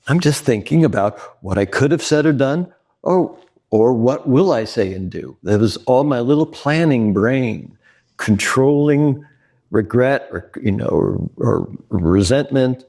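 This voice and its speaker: Gravelly-voiced man telling trail stories. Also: medium pitch, a little slow. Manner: animated, laughing, candid storyteller. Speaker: guest. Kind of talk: casual interview storytelling.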